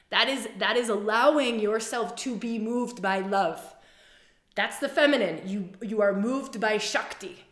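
A woman spiritual coach and podcast host giving an earnest, flowing talk, repeating phrases and laughing often. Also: mid-range voice. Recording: roomy echo.

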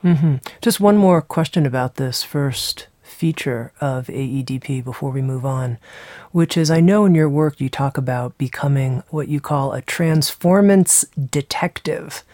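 An interviewer asking careful, deliberately phrased questions. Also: mid-range voice, a little mellow, dry recording.

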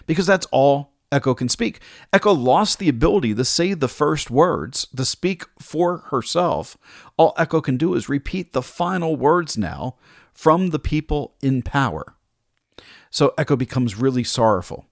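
A man's voice: medium pitch, animated, unhurried, dry recording, clean studio sound. A man retelling an old myth in a casual, conversational way, with small asides and restarts. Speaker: storyteller.

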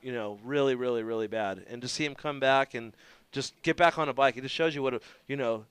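A man co-hosting a radio show, telling stories in an animated, profane way. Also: medium pitch, quick pace, smooth, dry recording. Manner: animated, swearing, laughing storyteller. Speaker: co-host. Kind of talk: casual storytelling. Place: radio studio.

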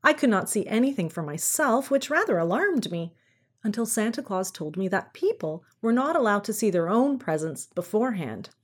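A woman reading a storybook aloud in a clear, measured storytelling manner. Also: mid-range voice, very animated. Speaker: audiobook narrator.

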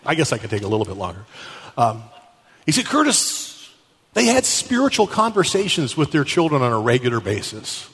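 A man giving an animated storytelling talk at a Catholic conference, acting out the people he quotes. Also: mid-range voice, fairly quick, breathy edge. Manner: animated, acts out quotes with shifting voices. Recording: echoey hall.

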